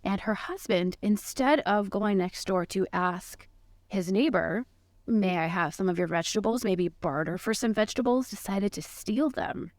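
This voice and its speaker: A woman co-hosting a podcast, telling a made-up case in a mock-serious, deadpan way. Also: mid-range voice, normal speed, no room sound. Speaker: podcast co-host presenting a case. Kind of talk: casual podcast chat.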